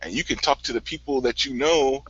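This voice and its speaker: A man's voice: medium pitch, a little fast, a bit bright, breathy edge. An easygoing man from the American Midwest in casual chat, laughing often and repeating words as he starts a thought. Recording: dry, dull lo-fi audio.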